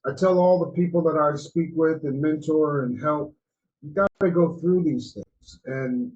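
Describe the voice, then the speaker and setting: A man co-hosting a podcast, giving relaxed, mentoring advice in a casual chat. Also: a little high, lo-fi sound, a little hiss or hum. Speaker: podcast co-host.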